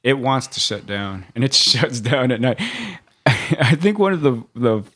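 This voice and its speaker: A man tells a story on a casual podcast, laughing through it and swearing loosely. His voice is at an ordinary middle pitch. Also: expressive, unhurried, fairly bright tone. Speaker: podcast co-host.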